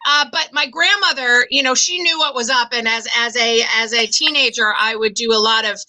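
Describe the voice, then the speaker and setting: A middle-aged woman from the Boston area doing a stand-up comedy set, self-deprecating and halting, with lots of ums and restarts. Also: on the high side, steady tone, sharp tone, a little hiss or hum, low-quality recording. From Boston area, USA. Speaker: stand-up comic. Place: comedy club stage with audience.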